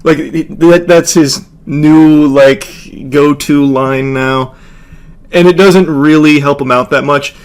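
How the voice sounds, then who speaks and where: A man's voice: on the high side, steady tone, takes it slowly, clear, resonant tone. Mocking male video commentator. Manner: sarcastic, mocking, swears freely.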